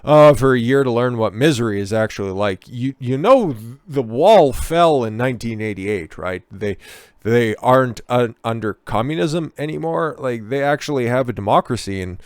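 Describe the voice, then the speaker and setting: A man's voice: medium pitch, animated, moderate pace, clean tone, no room sound, clean studio sound. Sarcastic, profane male commentator. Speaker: online commentator. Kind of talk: ranting commentary video.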